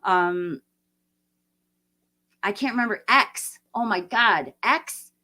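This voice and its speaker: Woman in her late forties, bright tone, chatty, rambling, laughs a lot, casual livestream talk. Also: medium pitch, lively intonation, slow pace. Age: 40s. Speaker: livestream host. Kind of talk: casual livestream chat reading viewer comments.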